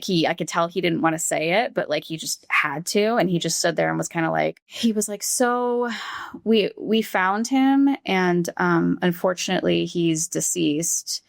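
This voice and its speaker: A woman speaks low and gravelly as she recounts a painful memory, stopping and restarting, leaning on "like", and slipping into the voices of the people she quotes. The sound is dry and close, with almost no room around it. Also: no echo. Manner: halting, heavy use of "like", acts out quoted voices. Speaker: podcast guest. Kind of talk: emotional conversational storytelling.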